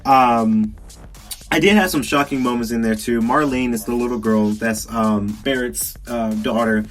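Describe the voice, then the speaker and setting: A man's voice: medium pitch, normal speed. A young man from South Georgia with a Southern accent, hosting a casual podcast, rambling and chatty with many fillers and frequent laughs. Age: young adult. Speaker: podcast host. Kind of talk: casual solo game review talk. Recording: faint music behind.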